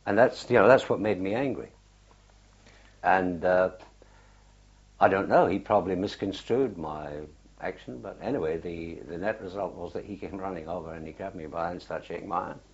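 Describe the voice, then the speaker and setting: Low, husky older man recounting memories. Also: lo-fi sound. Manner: halting, unhurried storytelling with many fillers and restarts. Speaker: war veteran interviewee. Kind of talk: oral history interview recollection.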